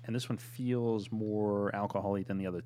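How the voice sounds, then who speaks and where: A man's voice: lowish voice, steady tone, normal speed, mellow, slight background noise. A young man hosting a casual beer-tasting podcast, joking in crude banter. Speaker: podcast host.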